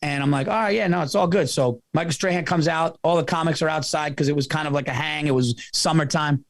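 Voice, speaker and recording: A comedian hosting his podcast tells a story in a loose, self-mocking way, laughing and swearing freely. His voice sits a little high and the sound is dry and close. He keeps it casual and animated. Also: fast talker, no echo. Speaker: comedian host.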